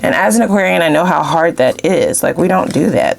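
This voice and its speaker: A woman giving a tarot reading in a casual, chatty, profane way, often jumping up into loud high exclamations. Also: a little fast, creaky. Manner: chatty, blunt and profane, with frequent "you know what I'm saying". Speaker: tarot card reader.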